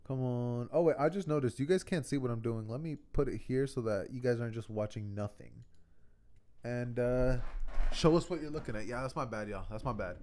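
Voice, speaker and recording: Chill guy streaming, mellow smooth voice, mumbles to himself while he works, calls chat bro. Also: mid-range voice, a little fast. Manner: laid-back, mutters while working, addresses chat as bro and y'all. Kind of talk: casual live-stream chat.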